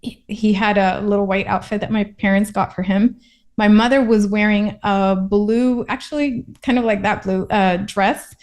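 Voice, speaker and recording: A woman's voice: medium pitch, steady tone, moderate pace, darkish tone. A woman from Puerto Rico, a guest in a casual interview, talking in a reflective, thoughtful way.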